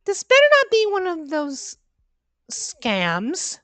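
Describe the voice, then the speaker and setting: A woman's voice: sits high, sing-song, takes it slowly, fairly bright tone, dry recording. A woman VTuber commenting on horror games she is playing, sarcastic and playful, with exaggerated reactions. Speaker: VTuber game streamer. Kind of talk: let's-play horror game commentary.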